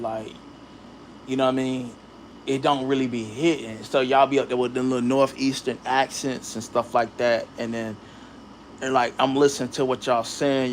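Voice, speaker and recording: A man's voice: medium pitch, slight background noise. A man ranting in a casual vlog, talking straight to his viewers with slang and heat. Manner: animated, heated, addresses viewers directly with slang. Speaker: channel host.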